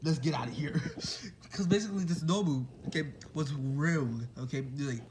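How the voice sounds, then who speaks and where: A young man casually retelling a fan story, rambling and excitable, full of fillers and quick apologies. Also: fairly high pitch, slight background noise.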